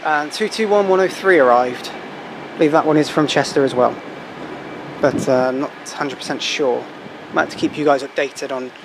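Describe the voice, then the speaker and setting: A man giving casual, excitable commentary on trains at a busy station, with chatty self-deprecating asides. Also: on the high side. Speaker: trainspotting vlogger. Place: busy railway station platform. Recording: loud station noise from trains.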